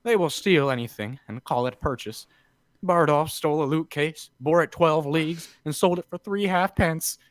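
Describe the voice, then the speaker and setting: A man's voice: fairly high pitch, moderate pace, dry recording, lightly acted. A man reading a monologue as a young servant boy who disapproves of thieving companions. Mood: indignant.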